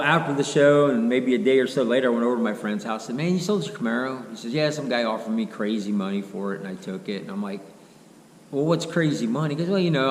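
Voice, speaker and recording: A middle-aged man, telling a long rambling story in a casual, folksy way and quoting what others said. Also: mid-range voice. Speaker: car restoration vlogger. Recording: roomy echo, faint background hum.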